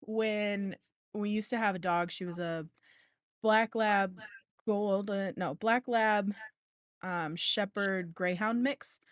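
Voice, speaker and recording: A woman's voice: medium pitch, fairly even intonation, slow, dry recording, clean studio sound. A young adult woman co-hosting a podcast, telling a rambling ghost story in casual chat, with lots of swearing and asides. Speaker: podcast co-host.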